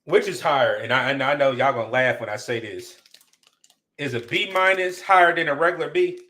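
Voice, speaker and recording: A man's voice: medium pitch, lively intonation, fairly quick, sharp tone. A man co-hosting a casual sports chat, playful and emphatic. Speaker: podcast co-host.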